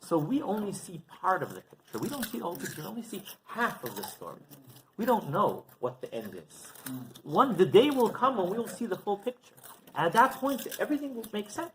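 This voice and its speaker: A man's voice: sits high, fairly quick, slight background noise, poor audio. A male rabbi giving a Torah class, telling stories animatedly and often checking in with "right?". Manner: animated storytelling with frequent "right?".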